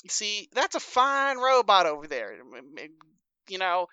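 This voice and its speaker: A woman puts on a dim, folksy old wanderer from the wasteland who rambles along and wheedles like a salesman. His voice swoops up and down and stays bright. It sounds close and dry. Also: medium pitch, sing-song, unhurried, clear, resonant tone, dry recording, lo-fi sound. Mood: wheedling. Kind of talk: tabletop role-play.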